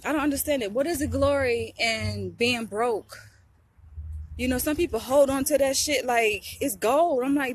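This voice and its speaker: A woman's voice: high-pitched, moderate pace, husky. Blunt, preachy young woman vlogger. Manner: blunt, preachy, repeats "you get what I'm saying". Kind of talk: casual talk to camera.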